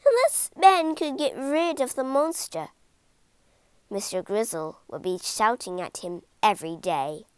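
A woman reading a children's monster story aloud, slowly and expressively. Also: medium pitch, clean tone, no room sound. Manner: slow, expressive read-aloud.

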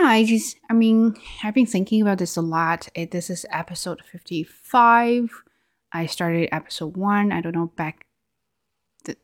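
A woman's voice: lowish voice, dry recording, clean studio sound. Reflective woman with a Chinese accent. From China. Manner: reflective, with frequent restarts and fillers. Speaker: video host. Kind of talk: casual vlog monologue.

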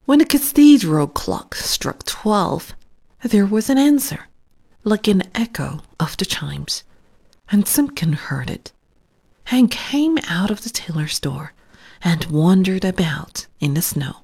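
Slow whispering woman storyteller. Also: fairly low pitch, big pitch swings, vocal fry, breathy edge. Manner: soft, hushed and unhurried.

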